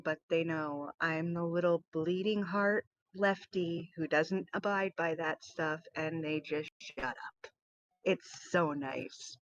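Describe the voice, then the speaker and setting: A woman hosting a casual panel discussion, blunt and quick to swear. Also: low-pitched, no echo. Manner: blunt, swears freely, animated when acting out scenes. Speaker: host. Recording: dull lo-fi dry sound.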